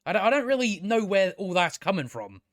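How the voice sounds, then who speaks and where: Talking a little fast in a high, sing-song voice, a male video reviewer riffs casually over clips of a show. His commentary rambles, mocks, and is full of swearing.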